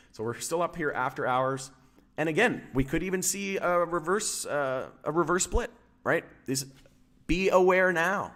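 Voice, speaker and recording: A man's voice: medium pitch, fairly bright tone. A man hosting a casual live stream about stock charts, rambling with many fillers and firing questions at his chat.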